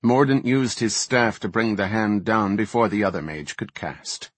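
A man reading a fantasy audiobook in a measured, steady way. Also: on the low side, dry recording. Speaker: audiobook narrator.

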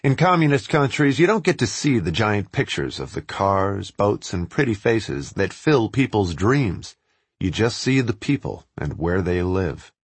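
Man, wry storytelling read, husky voice, animated pitch, close and dry. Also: a little slow, no echo. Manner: wry, sardonic. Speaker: writer reading his own travel piece. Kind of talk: first-person narration read aloud.

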